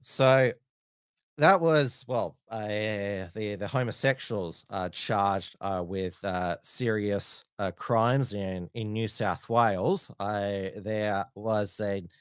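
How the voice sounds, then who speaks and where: A man hosting a casual live-stream news show, talking in halting bursts with many "uh" fillers and restarts. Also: lowish voice, smooth, dry recording, clean studio sound. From Australia.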